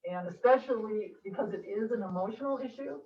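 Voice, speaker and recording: A woman's voice: medium pitch, fairly quick, far from the mic, a little hiss or hum. A woman giving a hesitant, self-deprecating public comment at a city meeting. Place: council meeting room. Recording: echoey room from afar, muffled.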